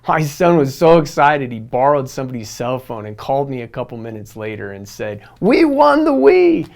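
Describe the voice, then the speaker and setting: A man's voice: mid-range voice, fairly quick, vocal fry. A man telling a heartfelt story as a farewell tribute in a church, acting out the people in it. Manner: animated anecdote-telling, voicing others in quotes. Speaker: church member giving a tribute.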